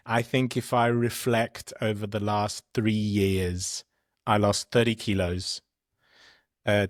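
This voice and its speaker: A man's voice: lowish voice, no echo, clean studio sound. A man hosting a podcast interview, enthusiastic, upbeat and chatty. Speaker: podcast host.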